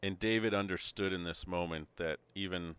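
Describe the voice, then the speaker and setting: Bright, crisp-voiced man talking scripture. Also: sits low, fairly even intonation, normal speed. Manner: reads scripture aloud, easygoing and chatty. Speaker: podcast co-host. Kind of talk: casual Bible study chat.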